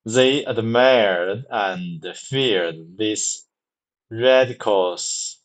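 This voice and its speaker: A man whose first language is Mandarin reads aloud very slowly and carefully in a lowish voice, as if practicing English pronunciation. He is halting, stumbles, restarts, and repeats words many times. The recording is low quality.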